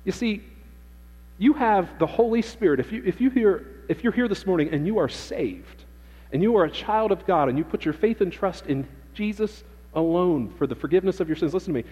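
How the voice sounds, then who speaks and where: A man's voice: sits high, lively intonation, brisk, dark tone, husky. A man preaching a sermon to his church, emphatic and repeating key phrases for emphasis. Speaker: pastor. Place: church sanctuary. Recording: dull lo-fi with long church reverb.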